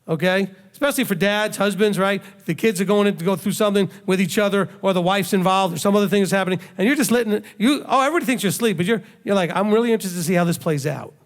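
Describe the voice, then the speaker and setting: Here a congregation leader, a rabbi, preaches fast and with few pauses, his male voice sitting high. He talks conversationally, firing off rhetorical questions and repeating himself for emphasis, all under a long hall reverb.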